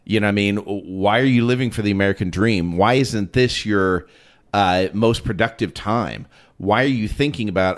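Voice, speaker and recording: A man with a somewhat low voice co-hosts a podcast. He talks through a Bible passage in easy, earnest conversation, pressing pointed questions and restarting his sentences as he goes. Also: moderate pace. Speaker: podcast co-host.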